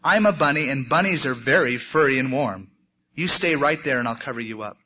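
A man's voice: mid-range voice, animated, fairly quick, bright, forceful tone, breathy edge. A man voicing a lonely little male bunny who talks in a tearful, pleading way. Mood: kindly. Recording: muffled lo-fi recording.

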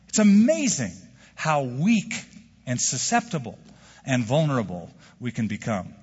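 Husky-voiced pastor preaching in a reverberant hall. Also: male voice, medium pitch. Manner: animated preaching, rhetorical questions to the congregation. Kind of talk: sermon. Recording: dull sound with long hall reverb.

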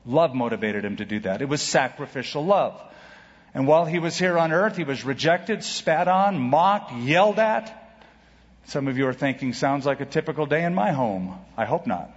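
A man preaching a sermon as pastor, emphatic, with dramatic pauses and big swings in pitch. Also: lively intonation. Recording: dull reverberant hall recording.

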